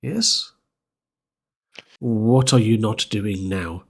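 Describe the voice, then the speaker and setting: A man's voice: fairly low pitch, expressive, a little slow, a bit bright, breathy edge. A man running a tabletop game, voicing a cheeky, bawdy priest in a mock-solemn, teasing way. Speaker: game master. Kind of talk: in-character tabletop role-play.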